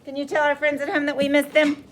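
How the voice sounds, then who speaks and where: A woman teacher reading a picture book aloud to her class in an animated way, asking the children questions. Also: high voice, quick pace. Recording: distant mic, faint noise.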